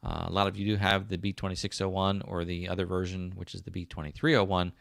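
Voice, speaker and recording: A man's voice: low-pitched, flat delivery, quick pace, vocal fry, fairly bright tone, no echo, clean studio sound. A man in his fifties with a South Jersey accent, hosting a casual livestream and chatting while reading out viewer comments, rambling with frequent ums. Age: 50s. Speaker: livestream host.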